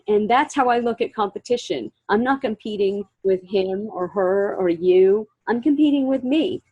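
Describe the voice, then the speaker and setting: Woman, interview guest, husky voice, emotional storytelling, acts out quotes, dry close sound. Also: mid-range voice, no room sound, rough recording. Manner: animated, reenacts scenes with quoted dialogue.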